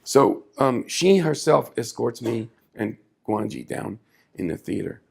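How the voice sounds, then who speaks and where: A man telling a story live on a small café stage, animated and chatty, with asides to the audience. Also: mid-range voice, a little slow, gravelly, slightly rough.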